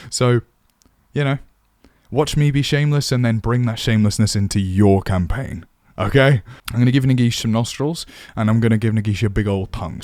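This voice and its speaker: A man's voice: medium pitch, a little mellow. A man teaching voice acting for tabletop games, chatty and self-deprecating. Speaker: dungeon master teaching voice acting. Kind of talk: casual tutorial.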